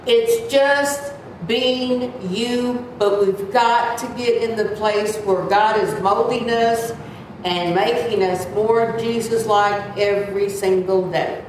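A woman's voice: mid-range voice, steady tone, slow. A woman in her seventies teaching Sunday school, earnest and chatty, sometimes acting out whiny voices. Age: 70s. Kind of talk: sermon. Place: church room. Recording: echoey room, mic at a distance, faint noise.

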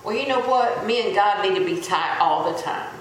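A woman's voice: medium pitch, animated. Lady preaching, folksy stories, really echoey room, faint hum behind. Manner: folksy storytelling, slow emphatic repetition. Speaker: church speaker. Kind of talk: sermon with a personal story.

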